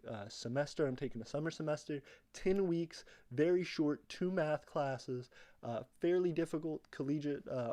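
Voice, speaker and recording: A man's voice: medium pitch, mellow. A young man hosting a casual livestream, greeting viewers from chat and rambling with lots of fillers. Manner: rambling, reads chat aloud, many fillers. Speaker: livestream host.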